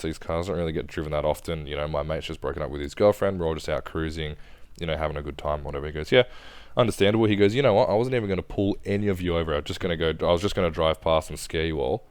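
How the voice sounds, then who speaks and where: Young Aussie guy, podcast co-host, deep smooth voice, dry close sound, relaxed and sweary. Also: dry recording. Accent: Australian. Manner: laid-back, swears often. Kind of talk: casual storytelling chat.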